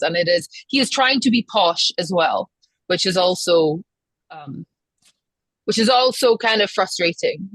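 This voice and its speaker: A woman with a Glaswegian accent, chatting casually as co-host and jumping in quickly. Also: lowish voice, fairly bright tone, no room sound, poor audio. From Scotland. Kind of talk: casual panel chat.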